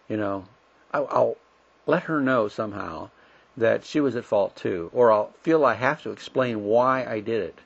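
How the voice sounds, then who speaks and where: A middle-aged man leads a Bible study in a folksy, plain-spoken way, acting out little conversations as he goes. His low voice is gravelly and husky. The recording sounds dull and lo-fi. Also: lively intonation, normal speed. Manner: folksy, plain-spoken, acts out everyday dialogue. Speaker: Bible teacher.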